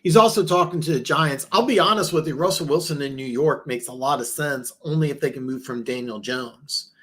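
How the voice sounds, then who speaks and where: Hosting a casual football talk show, this man has a voice pitched a touch higher than average and a slightly bright sound, moving a little fast. He rambles, stammers as he restarts, and rises steeply in pitch at anything that bewilders him.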